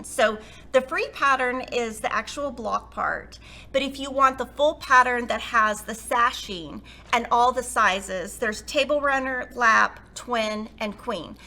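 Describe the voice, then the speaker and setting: A woman's voice: fairly high pitch, pushed and bright. A woman hosting a quilting tutorial, chatty and enthusiastic as she explains each step. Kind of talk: upbeat sewing tutorial.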